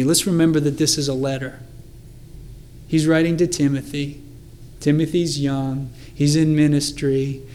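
A man's voice: on the high side, slight background noise. A man preaching a sermon in an earnest, conversational way, reading scripture aloud with emphasis. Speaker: pastor.

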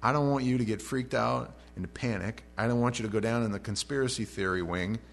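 A pastor preaches verse by verse in a brisk, creaky, fairly low voice, reading the scripture and then recasting it in casual, modern wording. It's an expository sermon, with a slight mains hum in the background.

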